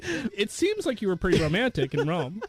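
A man's voice: high-pitched, wildly swooping pitch, normal speed, husky, dry recording. A man co-hosting a casual chat, playfully asking questions and reacting. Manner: playful, asks questions while typing. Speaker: co-host.

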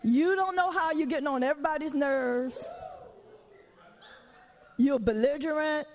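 A woman preacher giving a lively, conversational sermon in church. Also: high voice, a little slow, big-room sound, rough recording. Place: church during a service.

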